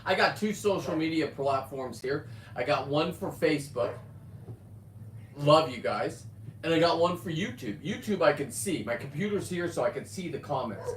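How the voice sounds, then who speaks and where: A man in his fifties talking casually on a live stream, rambling with loud outbursts and frequent swearing. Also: on the high side, animated, moderate pace, slight background noise. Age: 50s. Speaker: livestreamer reading viewer comments. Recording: echoey, distant from the mic.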